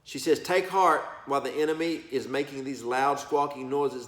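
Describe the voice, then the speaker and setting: A man preaches with folksy, emphatic energy, swinging his pitch up and down and stretching words for effect. His voice sits at a medium pitch and carries the echo of a bare room. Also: fairly even intonation, moderate pace, a bit bright. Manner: folksy, emphatic, addresses listeners as y'all and baby. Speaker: preacher sharing prophetic words. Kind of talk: animated preaching to camera.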